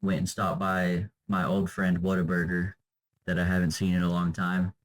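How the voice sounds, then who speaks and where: A young man vlogs off the cuff in a low voice with little pitch movement, at normal speed. He sounds tired and drained, rambling loosely with plenty of fillers and trailing off. The recording is rough, with slight background noise.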